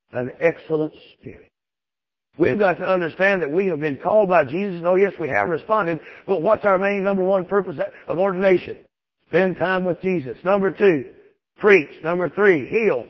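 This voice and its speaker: High-voiced folksy preacher. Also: male voice, no echo, muffled recording. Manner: folksy, emphatic, repetitive. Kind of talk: sermon.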